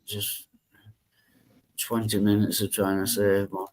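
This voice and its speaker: A man's voice: on the low side, monotone, takes it slowly, darkish tone. A man hosting a live stream chat, joking crudely and laughing often at himself. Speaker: stream host.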